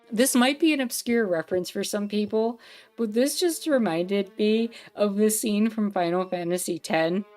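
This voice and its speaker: A woman streamer giving casual, chatty commentary while playing a game, thinking aloud and laughing easily. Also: mid-range voice.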